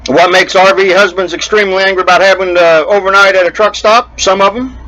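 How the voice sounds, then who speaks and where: A man's voice: high voice, fairly even intonation, brisk, pushed and bright, poor audio. A man hosting an RV vlog, telling a quiz and a joke in a folksy, chuckling storyteller manner. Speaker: RV vlog host.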